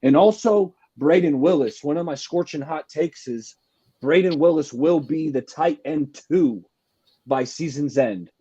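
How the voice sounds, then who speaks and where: Laid-back guy giving hot takes, kinda husky and dark, dull dry mic. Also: fairly high pitch, measured pace, no room sound. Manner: relaxed, opinionated, calls his co-hosts fellas. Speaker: podcast co-host. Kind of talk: casual chat.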